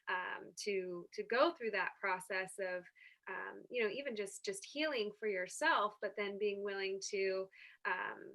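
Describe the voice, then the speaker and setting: A woman interviewing an author for a publisher, asking long, halting questions with frequent pauses and restarts. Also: mid-range voice, bright, forceful tone. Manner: halting, many fillers and restarts.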